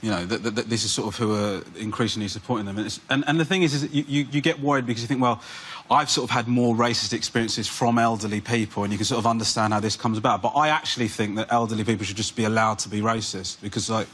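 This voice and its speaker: A man's voice: fairly low pitch, steady tone, quick pace, hardly any pauses, fairly bright tone. A male comedian on a panel show, rambling through a joke with lots of fillers. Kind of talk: rambling stand-up bit. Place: TV studio with live audience. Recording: noisy studio.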